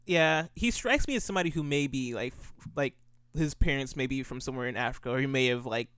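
Young male podcast co-host: smooth voice, rambling, easy laughs. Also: medium pitch, fast, a bit bright, no room sound, clean studio sound. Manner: rambling, restarts often, laughs easily. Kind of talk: casual podcast chat.

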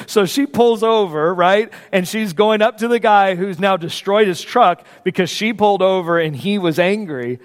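A man preaching a sermon, telling a story with lively acted-out voices, moving between loud bursts and hushed moments. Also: high voice, normal speed, few pauses. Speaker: pastor. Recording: long hall reverb.

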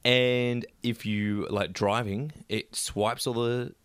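A man co-hosting a podcast, chatting casually and teasing his co-host like an animated storyteller. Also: medium pitch, takes it slowly, clear, resonant tone, no room sound. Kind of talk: casual chat.

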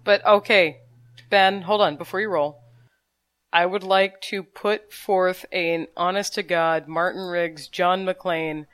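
A woman playing a tabletop role-playing game, enthusiastically pitching dramatic action for a fellow player's character. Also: steady tone, slow pace, fairly bright tone.

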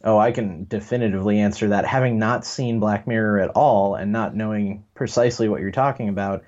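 A man co-hosting a casual pop culture podcast, rambling and joking with lots of fillers. His voice sits on the low side. The recording sounds dull and lo-fi. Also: fairly even intonation, brisk, darkish tone. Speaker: podcast co-host.

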